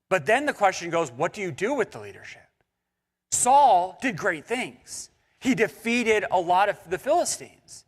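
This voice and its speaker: A male pastor preaches with a bright, lifted voice that swings widely up and down. He slips in and out of playful voices for biblical characters. The sound carries a long reverb from a church hall. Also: sits high, measured pace. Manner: animated, acting out biblical characters in casual voices. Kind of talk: sermon. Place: church sanctuary.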